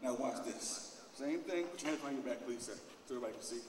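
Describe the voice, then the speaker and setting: A man giving a casual live demonstration talk to an audience, directing volunteers and getting animated as he tells stories. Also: medium pitch, quick pace. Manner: gets loud and animated in stories. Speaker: opening speaker at a lecture. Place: large echoing hall. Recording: echoey hall, distant mic, background noise.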